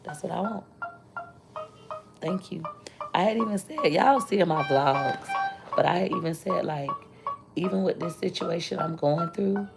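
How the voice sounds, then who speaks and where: A woman's voice: deep voice, creaky. A woman content creator and mother chatting candidly with her viewers on a livestream, rambling and thanking them between thoughts. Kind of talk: casual livestream chat with viewers. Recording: loud music playing behind the voice. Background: loud music.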